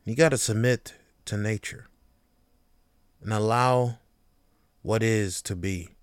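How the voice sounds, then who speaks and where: A man's voice: fairly low pitch, slow, smooth, no echo, clean studio sound. A laid-back young man hosting a casual solo podcast, rambling freely with frequent swearing and laughs. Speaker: podcast host.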